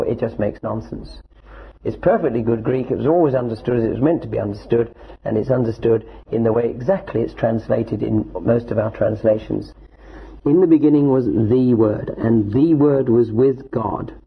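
Man teaching scripture, husky and lo-fi. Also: mid-range voice. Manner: reads scripture slowly, explains with asides. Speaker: Bible teacher. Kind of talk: lecture on a Bible passage. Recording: dull lo-fi recording.

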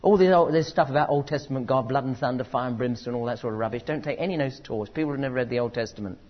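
A man preaching a sermon, animated, moving from loud urgent emphasis to quiet asides, on a dull lo-fi recording. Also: mid-range voice, rapid-fire.

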